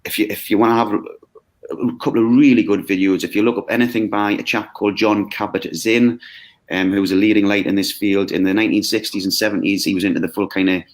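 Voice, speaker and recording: A man with a lowish voice, talking over a video call. He explains things in a lively, conversational way, slips into quoted voices and often checks in with "okay?". He sounds like a course leader talking a friend through an idea. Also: fast. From United Kingdom. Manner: animated, acts out quoted voices, frequent "okay?".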